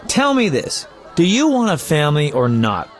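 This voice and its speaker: Dandelion, a chatty poet. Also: male voice, on the high side, huge pitch swings, normal speed, some chatter behind. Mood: coaxing. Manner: talkative and teasing. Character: chatty flamboyant male poet and bard. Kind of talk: video game voice acting.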